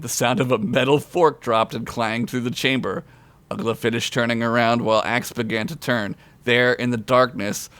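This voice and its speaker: A man's voice: medium pitch, a bit bright, dry recording. Dry, close-miked man reading his crude story. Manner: crude, self-mocking asides, often laughing mid-sentence. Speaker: podcast co-host telling a story. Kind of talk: reading his own comedic story aloud. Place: podcast recording.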